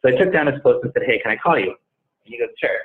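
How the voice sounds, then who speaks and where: Male interview guest, fast storyteller, call-quality audio. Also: medium pitch. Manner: animated, acts out dialogue in retold conversations. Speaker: guest, staffing company head. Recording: tinny phone-like line.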